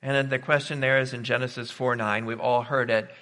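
A man's voice: medium pitch, flat delivery, fairly quick, pushed and bright. Emphatic male preacher in a reverberant hall. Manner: emphatic, rhetorical questions. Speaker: pastor. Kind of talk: sermon.

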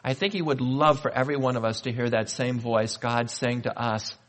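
Man preaching a calm conversational sermon. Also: medium pitch. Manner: conversational preaching with rhetorical questions and slow emphatic pauses. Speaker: pastor.

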